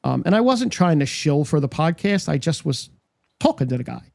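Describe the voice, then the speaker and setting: Gravelly-voiced man telling convention stories. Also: on the high side, sing-song, fairly quick, darkish tone, no echo, studio quality. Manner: storytelling, acts out quotes, frequent restarts. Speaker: podcast co-host. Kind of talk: casual chat.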